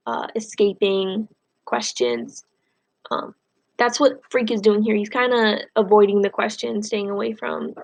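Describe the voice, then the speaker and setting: A woman teacher reading a novel aloud and stopping to explain it in a casual way, with fillers. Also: medium pitch.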